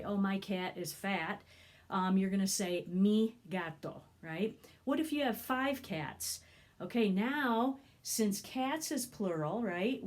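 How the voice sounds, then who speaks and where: A woman teaching Spanish grammar in a classroom style. She often checks in with the class, asks questions, and slows down to stress key words. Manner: checks in with frequent "okay?" and "right?", lively rises in pitch. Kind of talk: classroom lesson explaining at a board.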